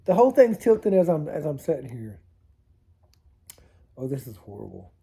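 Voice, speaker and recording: A man's voice: fairly high pitch, very animated, moderate pace, vocal fry, dark tone, slightly rough. A man rambling through funny stories to camera in a casual vlog, laughing at himself. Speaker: storytelling vlogger. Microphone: camera mic on a tilting setup.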